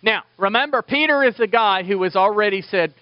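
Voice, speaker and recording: High-voiced male pastor, lively, chatty, self-deprecating sermon, dry and slightly muffled. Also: a little fast, dry recording. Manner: animated, conversational, self-deprecating.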